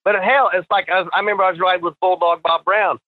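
Brief: older man guest, cursing storyteller, fairly high voice, thin phone-line sound, dry. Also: fairly even intonation, fast, dry recording. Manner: profane, rambling and laughing through stories. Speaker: guest, retired wrestler and trainer. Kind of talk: casual storytelling interview.

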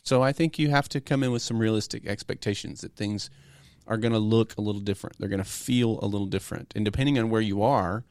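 A man co-hosting a youth ministry podcast, telling stories in a relaxed casual chat. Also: fairly low pitch, quick pace, hardly any pauses, no echo. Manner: relaxed storytelling, easy laughs. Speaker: podcast co-host, youth pastor.

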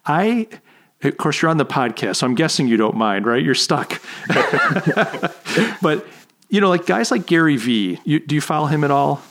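A man's voice: a little high, lively intonation, measured pace, fairly bright tone. A man hosting a podcast interview, chatty and friendly in tone, laughing at his own jokes. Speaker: podcast host. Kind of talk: casual interview chat.

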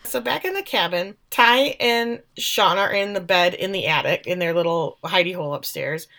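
A woman's voice: on the low side, moderate pace. A woman co-hosting a podcast, chatting casually and acting out the lines she quotes as she recaps a show. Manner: animated, acts out quoted lines. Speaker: podcast co-host.

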